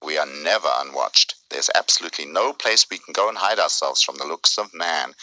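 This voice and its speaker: A man voicing an old wandering male bear in a dubbed cartoon, explaining things slowly and patiently. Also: rumbling low, animated, pushed and bright, no echo, pitched below the performer's own voice, heavily acted, poor audio. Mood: explaining gravely.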